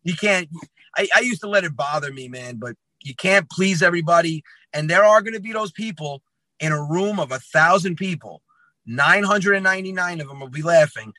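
Male comic, 30s, bright and a bit high, animated storyteller, dry close sound. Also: a little fast, no echo, rough recording. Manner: lively, acts out dialogue, says "man" often. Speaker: comedian guest.

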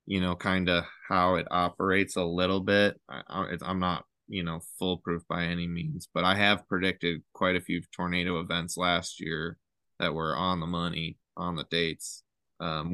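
Low-pitched guy on a podcast, kinda tense bright voice, keeps restarting his sentences, very dry sound. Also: dry recording. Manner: halting, earnest, many restarts. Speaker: podcast guest. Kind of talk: casual chat.

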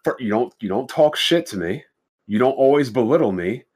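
A man's voice: mid-range voice, animated, moderate pace, darkish tone, breathy edge. Blunt, profane man telling stories. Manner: blunt, storytelling with acted-out quotes, profane. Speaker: podcast host. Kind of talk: casual podcast chat.

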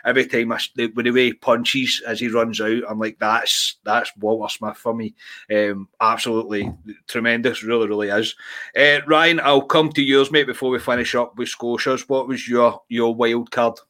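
A man hosting a football podcast, talking casually and warmly about the club's past. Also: mid-range voice, fairly even intonation, normal speed. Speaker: podcast host.

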